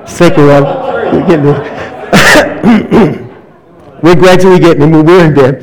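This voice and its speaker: A man preaching a sermon as a guest counsellor, with a fairly high voice. He tells stories animatedly, tossing in asides and quick rhetorical questions to the crowd. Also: fairly even intonation, a little mellow, poor audio.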